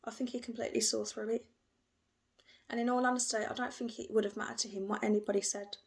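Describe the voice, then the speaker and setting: A woman giving an emotional, gentle tarot reading, repeating herself often. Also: a little high, little pitch movement, fast, creaky. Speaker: tarot reader.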